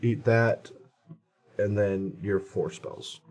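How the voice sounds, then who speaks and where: Low-voiced man, card player mid-match, talks his plays through aloud with playful restarts. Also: little pitch movement, takes it slowly, a little mellow. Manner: thinks aloud, joking, hesitant restarts. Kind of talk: casual table talk during a match.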